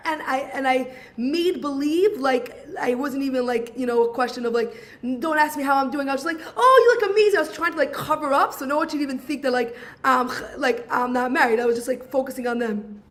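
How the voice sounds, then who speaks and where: Brief: high-pitched woman, heartfelt personal story, lively retelling of conversations, video call audio. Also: a little fast. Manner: emotional, animated storytelling, acts out quoted dialogue. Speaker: guest speaker sharing her story.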